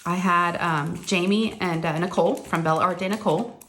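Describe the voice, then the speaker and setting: A woman's voice: on the low side, steady tone, brisk, fairly bright tone, slight background noise. A woman, chatting casually to her viewers in a rambling story told with lots of fillers. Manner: rambling, addresses viewers as y'all, uses many fillers. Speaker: crafting channel host.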